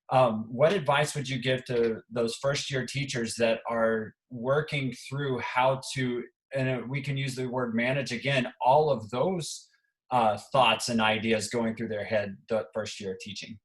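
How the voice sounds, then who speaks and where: Man co-hosting, thoughtful interview questions, average-pitched voice. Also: rough recording. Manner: thoughtful, builds up long questions. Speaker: podcast co-host.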